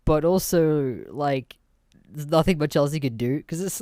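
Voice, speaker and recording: A man's voice: fairly high pitch, measured pace, mellow, no room sound, clean studio sound. A man in his twenties hosting a podcast, telling stories in a casual, rambling way, swearing freely and laughing often. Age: 20s. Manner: profane, laughs often, rambling with many fillers. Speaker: podcast host.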